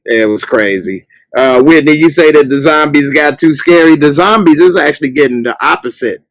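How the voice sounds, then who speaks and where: A man hosting a casual talk show, chatting loosely and breaking into loud mock rants at characters on TV. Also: on the high side, normal speed, dry recording, low-quality recording. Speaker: podcast host. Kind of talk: casual chat.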